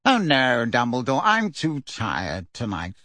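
A man's voice: medium pitch, wildly swooping pitch, slow pace, bright, forceful tone, no room sound, exaggerated voice. A man voicing a haughty wizard in a portrait, with a reedy voice and a bored, drawling, disdainful manner.

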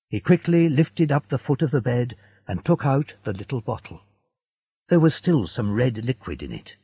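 A man narrating a story in a slow, deliberate storybook reading. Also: medium pitch, very animated. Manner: slow, gravelly, dark-toned reading. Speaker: audiobook narrator. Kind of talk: scripted narration of a graded reader. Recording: dull lo-fi dry recording.

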